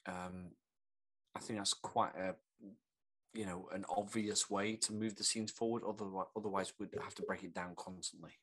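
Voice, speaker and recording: A man's voice: low-pitched, fairly even intonation, normal speed, fairly bright tone. A man co-hosting a podcast in casual chat, talking with restarts and repeated words. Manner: chatty, hesitant, repeats words. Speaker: podcast co-host.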